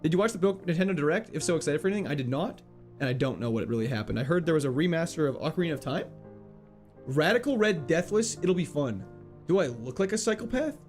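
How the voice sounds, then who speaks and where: A man's voice: on the high side, expressive, a little mellow, faint music behind. A young man streaming a game, casually reading and answering chat in a playful, joking way. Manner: playful, chatty, quick laughs, jokey mock French.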